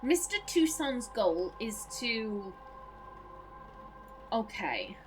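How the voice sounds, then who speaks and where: A woman gamer giving casual gameplay commentary, chatty and self-mocking, thinking out loud as she reads clues. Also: on the high side, sing-song, extremely slow, background noise. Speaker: let's play gamer.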